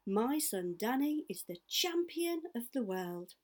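A woman's voice: on the high side, big pitch swings, a little slow, a little mellow. A woman doing a proud easygoing father. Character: proud poacher father, man, easygoing and warm.

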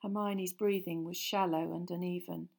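Woman narrating an audiobook, hushed. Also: on the low side, fairly even intonation, moderate pace, vocal fry. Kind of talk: scripted narration.

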